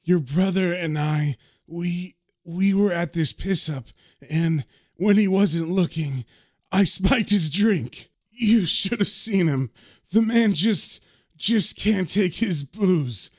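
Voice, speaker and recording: This is a cocky con man with nothing left to lose, put on by a man reading a comic aloud. He taunts his enemies in an unhurried, mocking drawl. The voice sits a bit high for a man. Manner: mocking, swaggering, slow drawl. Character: cocky dying British con man, defiant.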